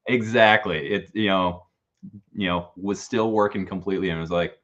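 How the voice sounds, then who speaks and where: A man's voice: sits low, steady tone, moderate pace, fairly bright tone, muffled recording. A man appearing as a guest on a casual chat stream, rambling along with many "like" and "uh" fillers. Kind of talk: casual conversation.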